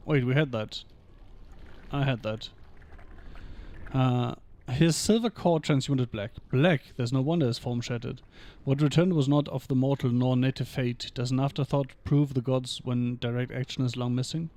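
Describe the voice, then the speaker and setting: A man streaming a video game, reading in-game lore texts aloud in an even manner and dropping dry short asides between passages. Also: mid-range voice, moderate pace.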